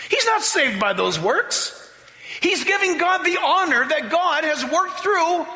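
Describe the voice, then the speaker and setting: A male pastor preaching a sermon, emphatic, slowing down to read scripture aloud and mimicking voices to make his points. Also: very high voice, very animated, pushed and bright, big-room sound.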